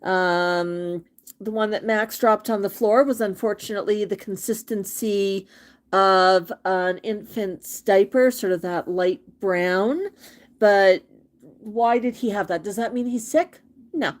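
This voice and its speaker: A woman's voice: mid-range voice, darkish tone. Chatty woman reading livestream comments. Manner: sing-song baby talk to her bird, then chatty comment reading. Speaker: pet parrot channel host. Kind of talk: casual livestream chat.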